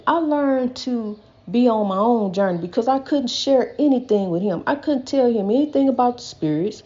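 An older woman gives an impassioned spiritual monologue that rambles and preaches, repeating her points emphatically. Her voice is a little high with a dark tone, and the recording is muffled.

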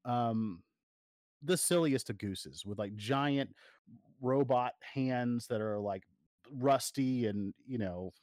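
With a darkish tone and a mid-range voice, a man co-hosting a podcast talks slowly and casually. He rambles, leaning on fillers and restarting sentences, in a dry, clean studio recording.

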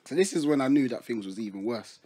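A man's voice: medium pitch, quick pace, a crowd in the background. A young man, telling a funny story in casual chat and laughing a lot as he goes. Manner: animated, laughing storytelling in slang.

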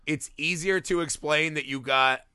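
On a laid-back comedy podcast, this male co-host tears into a film's plot with profane riffs and exaggerated quoted voices. He speaks at a moderate pace in a sharp, clean, higher-pitched voice, captured in a dry recording.

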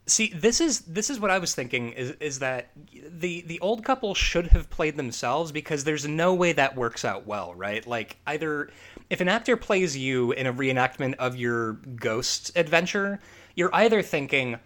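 A man in his thirties co-hosting a podcast, casual and animated, tossing off jokes and swearing freely. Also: fairly high pitch. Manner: animated, swearing, quick asides. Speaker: podcast co-host. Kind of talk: casual chat.

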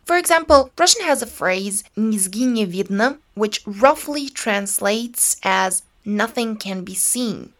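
A woman hosting an educational podcast, explaining clearly and lifting her voice on key words. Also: mid-range voice, a bit bright. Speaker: podcast host.

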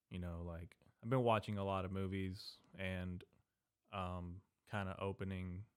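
A young man hosting a casual solo podcast, rambling and swearing, drifting between mumbled asides and loud venting into a desk microphone. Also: low-pitched, clear, resonant tone, dry recording. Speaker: podcast host. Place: small indoor room.

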